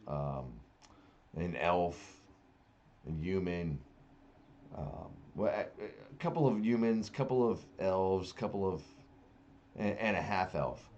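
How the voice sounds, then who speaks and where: A man narrating as game master in a tabletop game, halting and searching for words. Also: low voice, animated, darkish tone, slight background noise. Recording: dull lo-fi audio.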